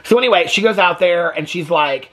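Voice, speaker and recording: A man hosting a reaction video, chatting in a gossipy, animated way and laughing often. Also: high-pitched, fairly quick. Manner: animated and gossipy, keeps asking "okay?"; laughs often while talking. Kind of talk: casual reality-TV reaction commentary.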